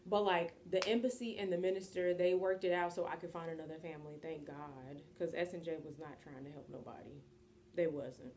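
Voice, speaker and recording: An American woman in her twenties telling a story in a casual, animated, slangy vlog style and acting out what people said. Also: lowish voice. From United States. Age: 20s. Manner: animated, chatty, slangy, acts out quotes. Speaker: vlogger.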